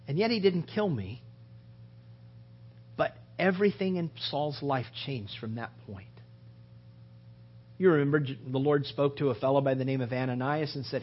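A man's voice: fairly high pitch, unhurried, pauses often, breathy edge, lo-fi sound. A man leading a casual Bible study, talking conversationally and briefly acting out the voices of biblical figures.

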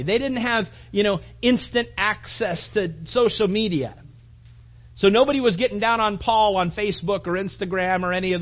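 High husky guy preaching, emotional and chatty, kinda dull recording. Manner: earnest, emotional, conversational preaching with many restarts. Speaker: pastor. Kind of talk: sermon.

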